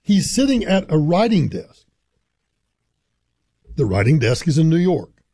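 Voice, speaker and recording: A man hosting a radio talk show in a casual monologue, chuckling and dropping low for asides. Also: big pitch swings, a little slow, warm tone, slightly rough, no room sound, studio quality. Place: radio studio. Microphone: studio broadcast mic.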